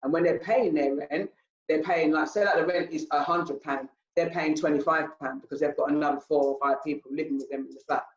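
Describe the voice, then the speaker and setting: An older woman, a charity founder talking in an interview, animated and repetitive. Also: sits low, a little fast. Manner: animated, repetitive, acts out her own past speech. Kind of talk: interview talk. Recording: roomy, slightly dull sound.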